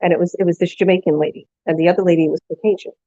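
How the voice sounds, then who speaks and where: A woman's voice: on the low side, fairly even intonation, rapid-fire, dark tone, muffled recording. A woman vlogger casually telling a long story, rambling with restarts and quoting people along the way. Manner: rambling anecdote with restarts and acted-out quotes.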